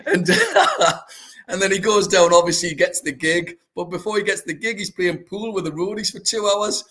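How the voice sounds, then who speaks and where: A man's voice: high voice, very animated, normal speed, pushed and bright. A man, hosting a podcast and telling anecdotes with enthusiasm. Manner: enthusiastic, anecdotal, laughs often. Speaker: podcast host. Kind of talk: casual chat.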